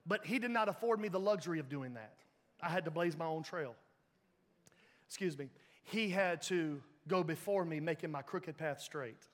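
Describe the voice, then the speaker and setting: A man preaching a sermon as a pastor, telling his story in a lively way, acting out voices and laughing along. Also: on the high side, moderate pace. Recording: long reverb of a large hall.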